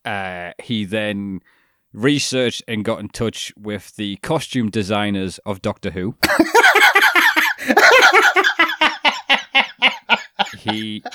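A man's voice: on the low side, slow, dry recording, clean studio sound. Laughing, rambling man. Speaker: podcast co-host. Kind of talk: casual chat.

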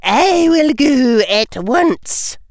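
A woman voicing a stern older witch professor with a Scottish accent, speaking crisply and commandingly. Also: sits high, very animated, very slow, darkish tone, no room sound, studio quality, full character voice. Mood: urgent commands.

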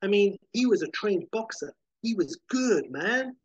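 A man voicing an excitable, brash young male sidekick who swears and sounds incredulous. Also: high voice, measured pace, husky, no echo, lo-fi sound, voice pushed up, exaggerated voice.

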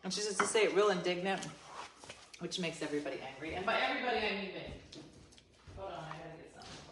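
A woman with a low-pitched voice talks to her viewers on a livestream from her home. She tells stories in a chatty, exasperated way, with quick asides. She is recorded on a phone. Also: background noise. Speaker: livestream host. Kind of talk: casual live chat with viewers. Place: her home, being renovated.

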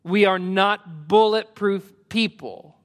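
Man preaching a sermon, fairly high voice. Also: slow. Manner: preaching with swells of emphasis and soft dropped asides. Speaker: pastor.

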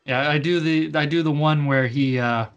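A man's voice: on the high side, steady tone, clean tone, highs cut off. A man playing a tabletop game, talking casually, laughing and stumbling over his words. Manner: laughing, halting, restarts often. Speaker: player.

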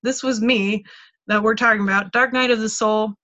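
A woman teaching healing tools gives a candid, conversational talk mixed with personal testimony, casually restarting and saying "like" often. Her voice is a little high, steady, bright, and forceful at normal speed, though the audio sounds dull.

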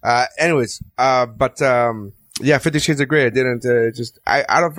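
A man's voice: medium pitch, normal speed, no echo, clean studio sound. A man co-hosting a podcast, chatting casually, swearing freely and joking around. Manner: animated, swears freely, breaks into jokey put-on voices. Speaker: podcast co-host. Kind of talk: casual chat.

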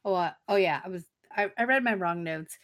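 A woman co-hosting a casual chat podcast, retelling the plot with swearing and flat, deadpan quoted lines. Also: fairly low pitch, a little fast. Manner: swears freely, drops into flat deadpan when quoting. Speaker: podcast co-host. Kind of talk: casual chat recapping an episode.

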